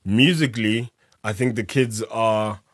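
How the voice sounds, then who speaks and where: A man's voice: on the low side, fairly even intonation, measured pace, slightly rough, no echo, clean studio sound. A South African man in his thirties, co-hosting a casual podcast chat, rambling and restarting his sentences and laughing often. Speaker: podcast co-host.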